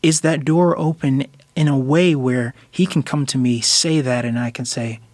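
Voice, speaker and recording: A man in his forties, a guest talking thoughtfully in a measured way, with frequent "like" and "you know". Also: mid-range voice, steady tone, a little mellow, no echo. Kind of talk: heartfelt conversation.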